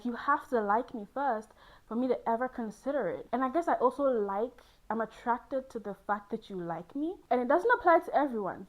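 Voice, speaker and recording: A young woman chatting casually to camera as a host, lively and laughing often, jumping into high squealing exclaims. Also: rough recording. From Ghana.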